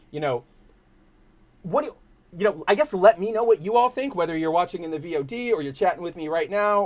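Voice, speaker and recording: Slangy Californian man chatting on stream. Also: fairly high pitch. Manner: rambling, slangy, talks to chat. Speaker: stream host. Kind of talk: casual livestream chat.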